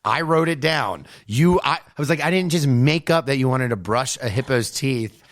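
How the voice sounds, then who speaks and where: A man's voice: mid-range voice, normal speed. Laughing man co-hosting a podcast. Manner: laughing, storytelling, casual swearing. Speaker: podcast co-host. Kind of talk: casual chat.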